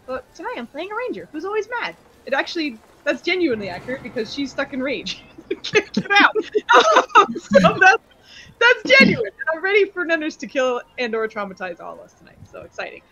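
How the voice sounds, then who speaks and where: A woman's voice: sits high, very animated, quick pace, fairly bright tone, highs cut off. A woman chatting bubbly as a player at a tabletop game. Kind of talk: casual chat at a tabletop game.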